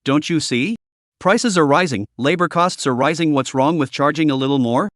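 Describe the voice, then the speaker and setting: A man's voice: fairly high pitch, normal speed, a bit bright, dry recording, studio quality, natural voice. A man voicing a greedy middle-aged male street vendor who haggles in a pushy, indignant way.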